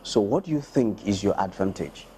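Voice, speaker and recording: Mellow low man interviewing. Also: animated, normal speed, a little hiss or hum, low-quality recording. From Nigeria. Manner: long winding questions. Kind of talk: interview questions.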